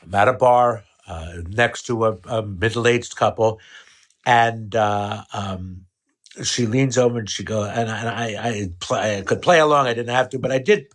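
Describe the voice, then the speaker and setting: A man's voice: fairly low pitch, normal speed. A man, a podcast guest, telling casual stories and playing out both sides of a conversation. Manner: animated storyteller who acts out both sides of a conversation.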